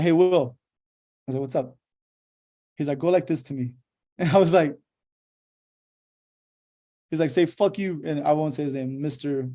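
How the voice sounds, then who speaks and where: A man's voice: a little high, darkish tone. A young adult man from Houston, Texas, a lawyer giving a casual motivational talk, swearing freely and telling his story with emphatic drive. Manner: profane, emphatic, fired-up storytelling.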